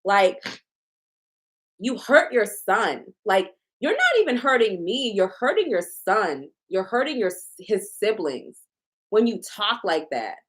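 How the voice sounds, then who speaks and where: A woman talks through a tarot reading in a loose, casual way. Her pitch moves around a lot. She leans on repetition and swearing to make her points hit hard. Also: big pitch swings, takes it slowly, fairly bright tone. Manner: emphatic, repetitive, profane. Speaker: tarot reader.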